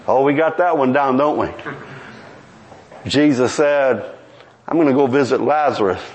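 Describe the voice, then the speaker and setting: A man's voice: a little slow, low-quality recording. A man preaching a sermon, telling scripture stories with dramatic swings and quoting the characters. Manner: animated storytelling with quoted voices; dramatic swings in pitch and pace.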